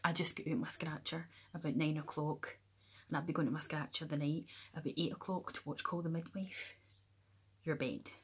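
Scottish woman, Glasgow-area accent, low and husky. Playful, soft-spoken slang explainer who drifts into whispers. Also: fairly even intonation. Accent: West of Scotland (Glasgow area). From Scotland, near Glasgow. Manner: soft-spoken, slips into whispers, playful, spells words out slowly. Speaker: YouTuber. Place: room at home with the window open.

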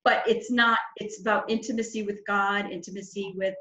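A woman's voice: medium pitch, fairly even intonation, bright, forceful tone. A woman talking as a guest editor in a casual video call chat, enthusiastic and talkative. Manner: enthusiastic, talkative, quick laughs. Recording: roomy, slightly dull video call audio.

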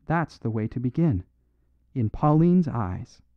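A man voicing a small, quiet, sorrowful priest detective, speaking gravely, on a dry, phone-like recording. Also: medium pitch, lively intonation, normal speed, no echo, close to an everyday voice. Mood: urgent. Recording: dry phone-like narrow sound.

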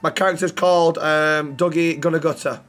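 A man chats through a game stream in a raised, slightly high voice. He swears freely and throws teasing banter at the other players. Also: fairly even intonation, normal speed, fairly bright tone. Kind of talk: casual game-stream chat.

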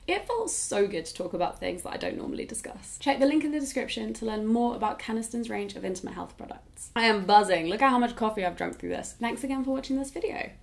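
A woman's voice: fairly high pitch, lively intonation, fast, gravelly, few pauses. A woman in her twenties, answering viewer questions in a casual, reflective way and often saying "like". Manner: reflective, frequent "like" fillers. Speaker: YouTuber. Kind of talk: casual talking-head Q&A.

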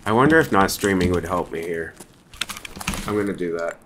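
A man with a very low voice chats loosely while he plays, trailing off and restarting his thoughts. Keyboard and mouse clicks rattle clearly behind him on a noisy desk mic. It sounds like an at-home gaming stream. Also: animated, normal speed. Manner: rambling, hesitant, filler-heavy. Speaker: streamer playing a shooter game. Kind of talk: casual gameplay chat. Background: keyboard typing and mouse clicks.

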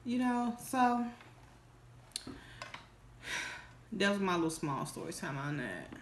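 Taking her time, a mukbang vlogger with a lowish voice swings widely in pitch as she tells a casual storytime in a reverberant room with slight background noise. She rambles, restarts often, uses plenty of fillers, and sounds heartfelt and emotional.

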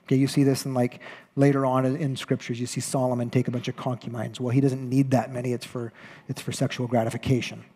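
A man's voice: medium pitch, flat delivery, fast talker, warm tone, breathy edge, long reverb tail. A man preaching a sermon, retelling a story conversationally with playful voiced asides for the characters. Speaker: pastor. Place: church sanctuary.

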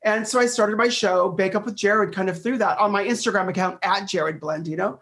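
A middle-aged man chatting as an interview guest, animated and storytelling, often repeating phrases, heard over a video call. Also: high-pitched, fairly quick. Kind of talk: casual interview chat.

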